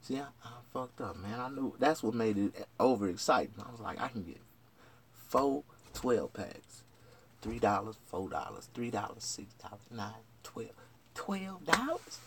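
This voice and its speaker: A man rambling through a profane, casual vlog monologue. He jumps from shouted outbursts to low mutters. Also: moderate pace, gravelly, slight background noise. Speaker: vlogger.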